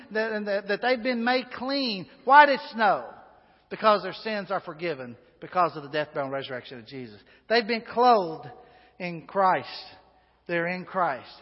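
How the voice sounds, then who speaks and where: A man preaching a sermon in a church, folksy and chatty, with asides and fillers. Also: high voice. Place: church sanctuary. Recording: dull sound with long hall reverb.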